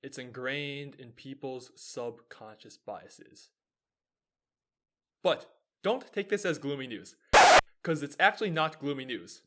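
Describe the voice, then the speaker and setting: A man's voice: medium pitch, lively intonation, slow, pauses often, noisy background. A young man in his twenties hosting his own show, giving a scripted explanatory monologue, earnest and posing rhetorical questions that he then answers. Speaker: show host.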